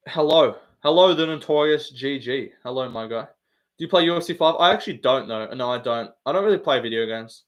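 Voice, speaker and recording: A man's voice: mid-range voice, animated, brisk. A man hosting a casual live stream, bantering with the chat, swearing often and laughing.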